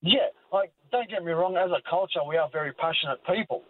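A man's voice: sits high, fairly quick, no room sound. A man calling in to a radio show, blunt and emphatic. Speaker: caller. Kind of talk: phone-in call. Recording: tinny phone line with faint hiss.

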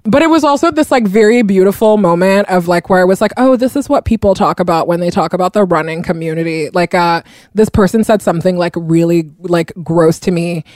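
A woman in casual conversation, telling animated stories in a chatty, playful way. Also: on the low side, brisk, hardly any pauses, dry recording, studio quality. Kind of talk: casual chat.

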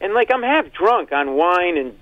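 A man's voice: high-pitched, very animated, normal speed, no echo, narrow, tinny audio. A male comedian telling rambling jokes as a guest in a casual radio phone interview. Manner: rambling, joking storyteller, frequent laughs.

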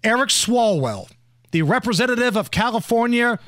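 A male radio host delivers mocking political commentary in a bright, high voice that swings widely in pitch. The sound is dry and close to the mic. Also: moderate pace, dry recording. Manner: sarcastic, animated.

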